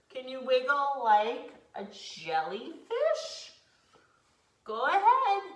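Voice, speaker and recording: A woman's voice: fairly high pitch, a bit bright. A woman teacher leading young children through a movement lesson, encouraging and sing-song. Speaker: preschool teacher. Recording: echoey room.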